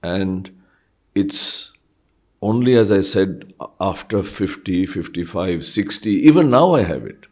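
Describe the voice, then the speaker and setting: Thoughtful older man, low voice. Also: expressive, a little slow, a little mellow. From India. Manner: thoughtful, hesitant, many fillers. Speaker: guest. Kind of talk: reflective interview conversation.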